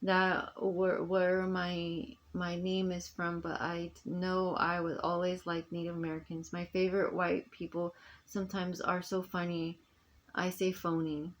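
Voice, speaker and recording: A woman's voice: lowish voice, little pitch movement, measured pace. A woman talking straight to her phone in a rambling personal monologue, emphatic and full of restarts that trail off. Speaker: vlogger.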